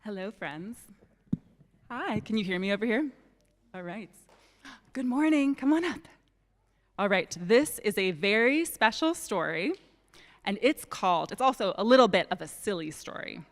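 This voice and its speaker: A woman minister reading a silly story to children during a church service, playful and expressive. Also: medium pitch, normal speed, long pauses. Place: church sanctuary. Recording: long reverb of a large hall.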